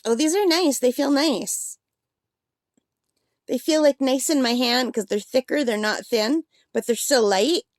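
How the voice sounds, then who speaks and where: Woman, slightly high voice, rambling casual chat, hiccups, dry close sound. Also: measured pace, no room sound. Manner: chatty, rambling, with fillers and small laughs. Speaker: art supply unboxing vlogger.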